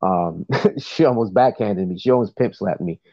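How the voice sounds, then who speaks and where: Male caller, low voice, rambling casual storyteller, dry dull lo-fi voice-message sound. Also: moderate pace, warm tone, no room sound. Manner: rambling, many fillers and restarts.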